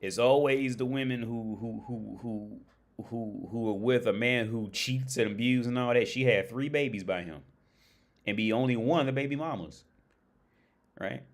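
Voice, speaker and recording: A man's voice: medium pitch, normal speed. Rambling profane young man streaming. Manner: rambling, repetitive restarts, profane. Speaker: livestream host. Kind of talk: casual rambling monologue.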